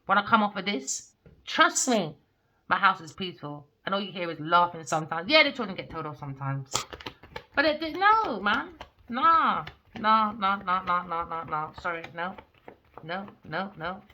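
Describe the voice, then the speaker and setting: A woman's voice: medium pitch, sing-song, normal speed, bright, forceful tone, muffled recording, slight background noise. A woman giving a casual tarot reading, talking bluntly and animatedly and swearing freely. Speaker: tarot reader.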